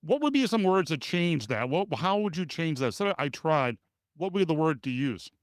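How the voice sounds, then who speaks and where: A man's voice: a little high, big pitch swings, moderate pace, no room sound. A man hosting a podcast interview, asking brief, curious questions. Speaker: podcast host.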